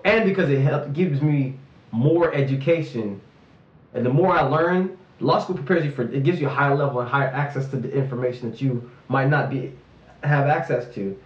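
A man's voice: medium pitch, quick pace, dull audio. Passionate young man in a roomy space. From Raleigh, North Carolina. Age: 20s. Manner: passionate, emphatic, frustrated. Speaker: interviewee, student activist. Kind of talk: candid personal interview.

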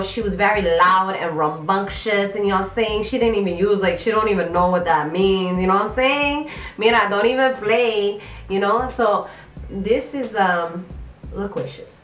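A woman comedian hosting a radio show, chatting loudly in slangy, rambling speech full of tag questions. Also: mid-range voice, reverberant, recorded from a distance, muffled recording. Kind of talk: casual comedy interview chat.

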